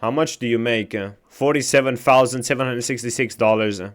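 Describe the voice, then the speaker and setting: A man streaming a game live, chatting casually with his chat, swearing often and reacting loudly to what he reads. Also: medium pitch, fairly even intonation, fairly quick, clear, resonant tone, faint music behind.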